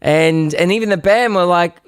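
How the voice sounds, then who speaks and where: A man's voice: sits high, moderate pace, smooth, dry recording. A man live-streaming from his studio, telling a story casually and animatedly, with many restarts and the odd swear. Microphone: live-stream microphone.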